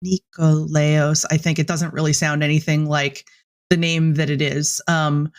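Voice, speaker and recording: A woman in her thirties co-hosting a podcast, chatting in an animated, self-mocking, giggly way. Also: sits low, unhurried. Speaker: podcast co-host. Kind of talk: casual chat.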